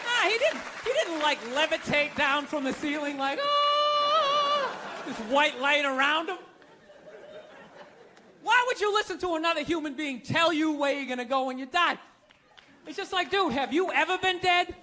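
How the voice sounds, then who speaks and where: A man doing a stand-up comedy set, ranting profanely and shouting his punchlines with incredulous disbelief. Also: extremely high pitch, animated, moderate pace. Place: comedy club stage with audience. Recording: live stand-up with crowd noise. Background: audience laughter.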